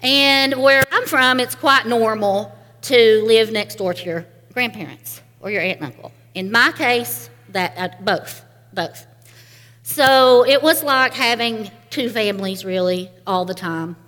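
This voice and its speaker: A woman's voice: fairly high pitch, a little slow, sharp tone, long reverb tail. A woman from Eastern Kentucky with a local accent, giving a sermon in a folksy storytelling way and laughing often. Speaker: speaker.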